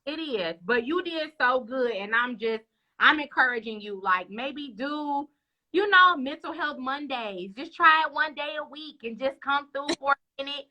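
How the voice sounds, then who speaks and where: A woman hosting a casual live-stream chat from home, animated and encouraging, slipping into quoted asides. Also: high voice, normal speed, highs cut off. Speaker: live show host.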